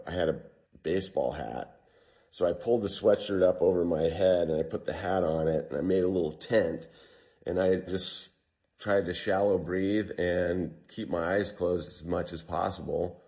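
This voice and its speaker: A man telling a long survival story in an interview, retelling what people said in lively bursts. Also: deep voice. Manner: animated retelling, quotes himself and others.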